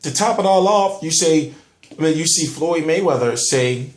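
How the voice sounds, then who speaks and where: A man's voice: on the high side, normal speed, reverberant. A man hosting a boxing show in casual, rambling commentary, firing rhetorical questions and swearing freely. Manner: rambling, rhetorical questions, profane street talk.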